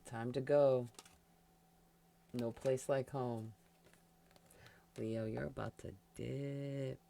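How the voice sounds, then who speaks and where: A woman giving a casual tarot reading, chatty and quick to laugh, talking straight to the sign she reads for. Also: very deep voice, fairly even intonation, vocal fry, mellow, a little hiss or hum. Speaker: tarot reader.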